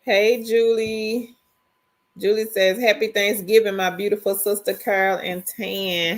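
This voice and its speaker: A woman's voice: mid-range voice, flat delivery, a little slow. A middle-aged woman, hosting a casual livestream and greeting viewers one by one as she reads their comments aloud. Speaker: livestream host.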